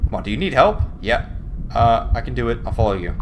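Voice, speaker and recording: A fast-talking man with a mid-range voice plays a horror game for his YouTube channel, commenting loosely, swearing a lot, and yelping and laughing at every scare in excitable fashion. A little hiss or hum sits in the background.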